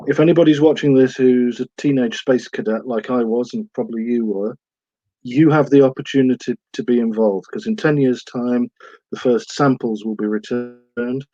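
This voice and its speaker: A man's voice: medium pitch, fairly even intonation, normal speed, mellow, dry recording, dull audio. Eager middle-aged British man on call. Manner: eager, rambling. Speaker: author guest. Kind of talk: enthusiastic interview answers.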